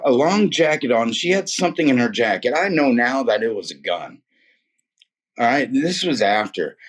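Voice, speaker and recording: Man, mid-pitched and husky, telling a personal testimony in a loose, slangy, emphatic manner. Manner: slangy and emphatic, repeats words, calls listener "man" and "dude". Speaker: guest sharing a faith testimony. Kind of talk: casual storytelling testimony.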